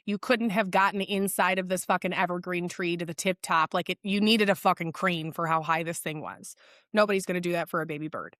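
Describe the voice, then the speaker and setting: A woman's voice: lowish voice, a bit bright, no room sound, clean studio sound. A woman hosting a solo podcast, talking bluntly and candidly, swearing freely and telling stories. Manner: blunt, frequent swearing, storytelling; quotes others in acted voices. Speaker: podcast host.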